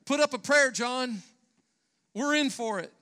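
Preacher acting out a panicked man yelling at his friend to pray, urgent, clear high voice. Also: moderate pace, big-room sound, heavily acted. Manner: urgent, shouting.

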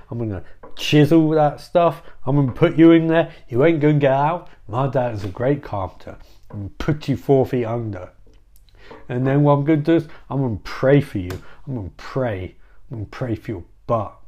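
A man's voice: mid-range voice, a little mellow, lightly acted. A man voicing a brash male Jesus who mutters blustering threats about a fistfight. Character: brash tough-talking male Jesus spoiling for a fight.

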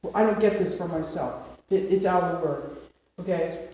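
A woman gives an informal Bible teaching with plenty of rhetorical questions. She leans hard on her key points and slows down to drive them home. Her voice carries across a very echoey room, picked up from a distance. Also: on the low side, warm tone, highs cut off.

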